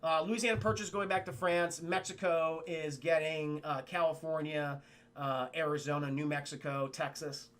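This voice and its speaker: A man recapping a film scene by scene for his live stream chat, animated and profane, mimicking characters as he goes. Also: on the high side, normal speed.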